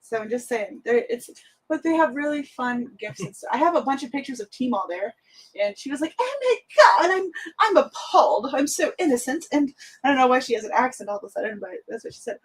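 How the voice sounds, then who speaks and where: A woman's voice: on the high side, fast, breathy edge, low-quality recording. A young woman hosting a casual craft livestream, chatty and giggly, jumping from topic to topic. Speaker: craft channel host.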